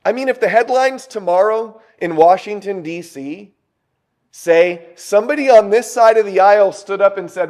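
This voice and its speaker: Animated, high-voiced male preacher. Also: moderate pace. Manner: animated, rhetorical questions to the congregation. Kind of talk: sermon.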